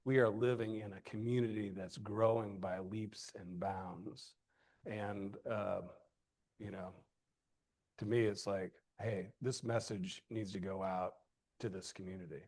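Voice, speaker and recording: Pastor, man, lower voice, earnest informal talk to his congregation. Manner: earnest and conversational, with asides and fillers. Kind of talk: informal address to a church class.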